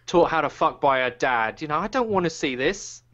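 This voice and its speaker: A British man on a podcast, sarcastic and crude, his pitch swinging all over as he jokes. His voice is middle in pitch and the audio is muffled, lo-fi. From Britain. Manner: sarcastic, crude, lively joking. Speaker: podcast co-host. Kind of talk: casual podcast banter.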